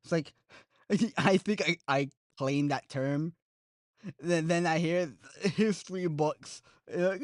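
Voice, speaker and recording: A young adult streamer chatting casually and excitedly with viewers while reacting to esports races. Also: mid-range voice, slow, no echo, studio quality. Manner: excitable, chatty, jokey, addresses viewers as guys. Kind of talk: casual live-stream commentary.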